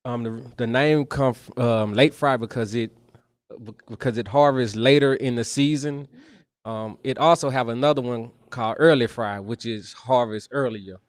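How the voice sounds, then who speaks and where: A man researcher on a live panel broadcast, talking in a relaxed, casual way with some hesitations. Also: mid-range voice, normal speed, no room sound. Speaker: research enologist.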